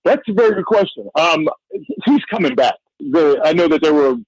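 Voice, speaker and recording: A man appearing as a guest football analyst on a sports radio show, talking casually and playfully, getting animated when he jokes. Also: normal speed, husky, dry recording, rough recording. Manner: animated, playful, rising pitch when joking. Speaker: NFL insider guest.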